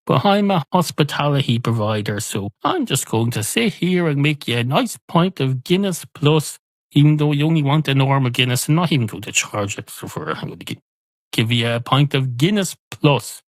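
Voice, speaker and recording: An Irish man voicing a weary, rambling barman in a deadpan, self-pitying comic manner. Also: medium pitch, normal speed, no room sound, voice pushed up, lightly acted. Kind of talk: comic storytelling.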